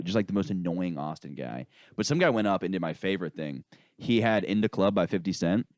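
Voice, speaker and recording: A man's voice: low voice, lively intonation, fast, no room sound, studio quality. A man hosting a comedy podcast, telling stories in casual chat, laughing often and acting out voices. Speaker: podcast host.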